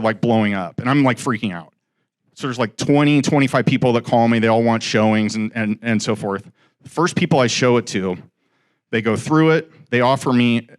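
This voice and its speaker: Animated storytelling man, middle-aged. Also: mid-range voice. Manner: animated, acts out quoted dialogue. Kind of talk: storytelling talk to a live audience.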